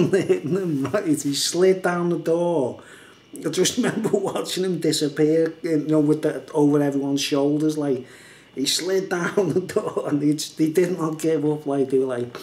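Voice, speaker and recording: A man's voice: on the high side, darkish tone, reverberant. A man telling a story in a rambling, casual way, laughing often and filling gaps with "like" and "you know". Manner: rambling, laughing often, heavy use of fillers. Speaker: vlogger.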